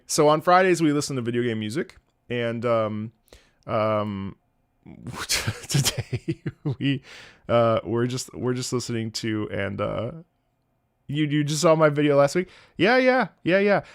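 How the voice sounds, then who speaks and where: Guy streamer with a creaky gravelly voice, rambling chat with his viewers. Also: mid-range voice. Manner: chatty, rambling, joking with chat.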